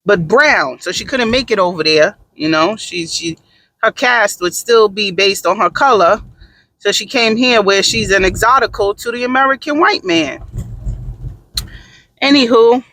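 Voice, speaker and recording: Sassy high-voiced man, bright and dry. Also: measured pace, no echo. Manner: sassy, animated, dramatic asides. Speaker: vlogger. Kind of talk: casual gossip commentary.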